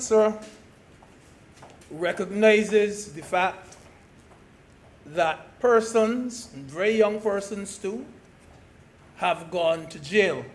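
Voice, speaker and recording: A man from Barbados giving a parliamentary speech as a senator, slow and deliberate, stressing key words. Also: high voice. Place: senate chamber.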